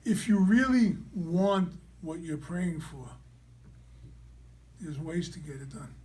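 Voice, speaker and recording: A man, a rabbi, teaching a class through an animated personal story and checking in with his listeners. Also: fairly high pitch, slow, slight background noise. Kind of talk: storytelling lecture.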